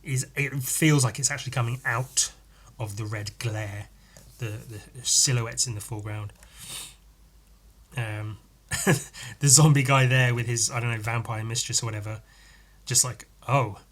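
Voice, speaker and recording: A man's voice: mid-range voice, steady tone, moderate pace, long pauses, fairly bright tone. A man hosting a podcast, chatting casually as he reads through a comic aloud, enthusiastic and sweary, laughing often. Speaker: podcast host.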